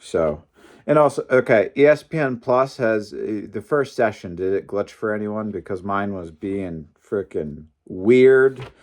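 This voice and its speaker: An animated, opinionated man recapping wrestling. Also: lowish voice, measured pace. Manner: animated, opinionated, mildly profane. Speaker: wrestling fan commentator. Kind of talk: casual recap vlog.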